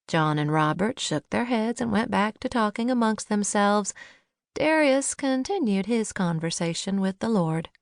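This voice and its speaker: A woman narrating a first-person novel in a measured, lightly wry manner, on a close studio mic. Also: mid-range voice, no room sound. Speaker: audiobook narrator.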